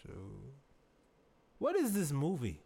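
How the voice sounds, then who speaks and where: Incredulous man with lively pitch. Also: slow pace. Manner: reactive, incredulous, wry comebacks. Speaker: podcast co-host. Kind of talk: casual chat.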